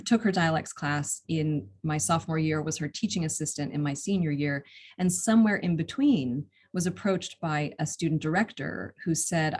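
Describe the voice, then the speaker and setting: A young American woman, an audiobook narrator, answering interview questions in a thoughtful, step-by-step way. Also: low-pitched. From United States. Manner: thoughtful, explains step by step with small restarts.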